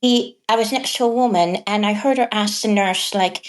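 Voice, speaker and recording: A middle-aged woman, a kindergarten teacher and podcast guest, telling classroom stories in a lively conversational way. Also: medium pitch, moderate pace. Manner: animated, acts out quoted voices and laughs often. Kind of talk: conversational storytelling.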